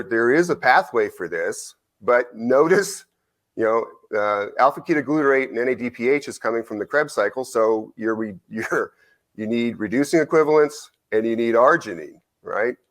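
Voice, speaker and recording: A middle-aged man giving a conference lecture. He tells an anecdote in an animated way, acts out both sides of the conversation and often asks "right?". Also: medium pitch. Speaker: nutrition researcher giving a conference talk. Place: lecture hall.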